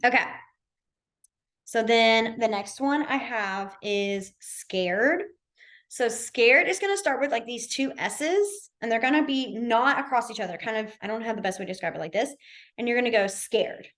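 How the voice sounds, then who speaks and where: A woman's voice: a little high, normal speed, a bit bright. A young woman casually teaching a beginner sign language class online, chatty with many fillers. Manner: chatty, lots of fillers, demonstrative.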